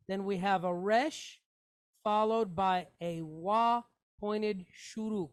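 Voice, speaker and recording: Slow, patient woman teaching Hebrew reading. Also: medium pitch, clean tone. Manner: patient, slow, repeats each syllable aloud. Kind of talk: reading lesson, sounding out words.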